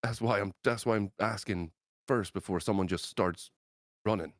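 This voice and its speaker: A man's voice: on the low side, normal speed, dry recording, studio quality. A man playing a tabletop role-playing game, thinking aloud with hesitant fillers. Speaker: player. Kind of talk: casual tabletop game chat.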